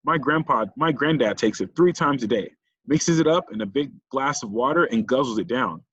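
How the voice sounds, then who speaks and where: A man's voice: medium pitch, lively intonation, normal speed, fairly bright tone, husky, dry recording, muffled recording. A man doing a cocky goofy boy. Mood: knowing. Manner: cheeky and confident.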